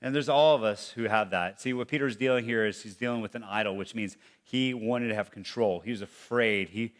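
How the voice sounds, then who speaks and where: A man preaching a sermon as pastor in a conversational way, moving from loud emphasis to hushed, quiet passages. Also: fairly low pitch, fairly quick. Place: church.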